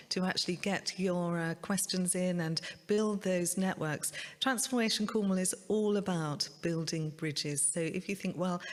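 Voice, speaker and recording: A woman's voice: lowish voice, big-room sound. A woman hosting an online community funding conference over a video call, speaking in an upbeat, enthusiastic way. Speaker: event host.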